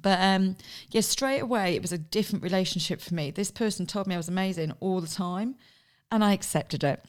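A woman recounts her own story as a podcast guest. She talks frankly and with animation, slipping into the voices of people she quotes. Her pitch sits in the middle range. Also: fairly quick, few pauses. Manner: frank, animated, acts out past dialogue. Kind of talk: candid personal storytelling.

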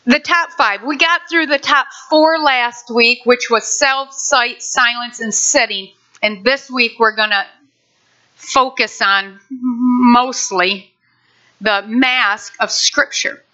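A woman pastor preaching a sermon in a lively, conversational way with playful asides to her congregation. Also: fairly high pitch, slow, poor audio. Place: church sanctuary.

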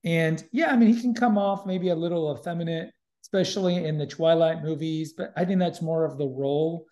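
A man's voice: a little high, a little fast, dark tone. A man hosting a podcast in casual chat, opinionated and emphatic, often repeating himself. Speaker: podcast host.

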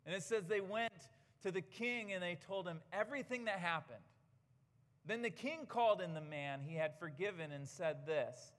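A pastor delivers a sermon, pressing his points with earnest, emphatic rhetorical questions. His voice sits a little high for a man. The sound rings with the long reverb of a church hall. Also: animated, normal speed, a bit bright.

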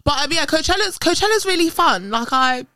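A young woman, hosting a podcast in casual chat, animated and swearing freely. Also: sits high, brisk, no echo, studio quality. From England. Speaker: podcast host. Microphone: studio podcast mic.

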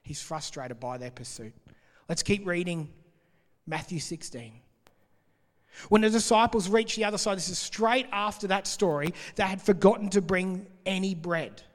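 Lively preacher in a reverberant hall. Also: male voice, high-pitched, normal speed. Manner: conversational and animated, laughing between points. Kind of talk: sermon, reading and explaining scripture.

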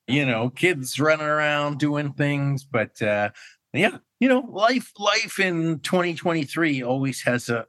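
A man hosting a podcast, chatting casually with his guest and filling pauses with "you know" and "uh". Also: on the high side, bright, forceful tone. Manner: friendly and chatty, with fillers. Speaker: podcast host. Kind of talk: casual interview chat.

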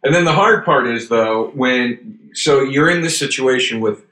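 A man's voice: mid-range voice, measured pace, sharp tone. A man talks casually as host, drifting through a rambling anecdote and cursing freely. His voice sits in a middling register. The room gives it a noticeable echo. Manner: rambling storyteller, swears freely. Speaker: podcast host. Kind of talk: casual chat. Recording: roomy echo.

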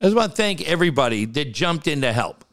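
A middle-aged man co-hosting a podcast, telling stories in casual chat, animated and profane, often laughing as he talks. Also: fairly high pitch, fast talker. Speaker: podcast co-host.

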